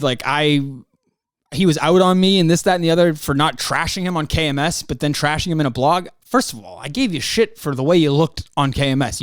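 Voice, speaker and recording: A man's voice: on the high side, no room sound, studio quality. A young man hosting a solo podcast, ranting in a heated, profane way. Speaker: podcast host. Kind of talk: angry solo podcast rant.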